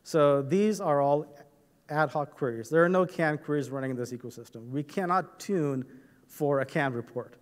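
A man's voice: fairly high pitch, moderate pace. A man giving a technical conference talk, explaining step by step with frequent fillers and "right?" checks. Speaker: conference presenter. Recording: reverberant hall.

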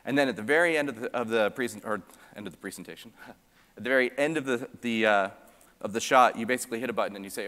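Fast-talking man presenting in a hall. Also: fairly low pitch, sharp tone. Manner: fast, casual, with many fillers. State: a little out of breath. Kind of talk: conference talk. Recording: long hall reverb.

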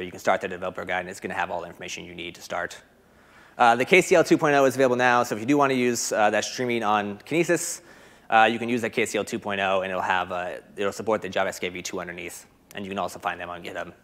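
Fast-talking American man presenting. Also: fairly low pitch, fairly bright tone. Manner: fast, filler-heavy technical explaining. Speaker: conference presenter. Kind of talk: live coding demo talk.

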